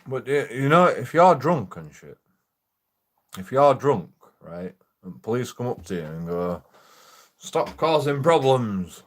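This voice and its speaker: A man's voice: mid-range voice, animated, a little slow. A man casually telling a rambling, profane story while streaming a game, laughing often.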